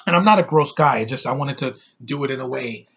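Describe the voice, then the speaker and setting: Gravelly-voiced man ranting a movie review. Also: mid-range voice, lively intonation, fast talker, a bit bright. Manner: ranting, brash and swearing. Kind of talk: over-the-top spoiler-free movie review.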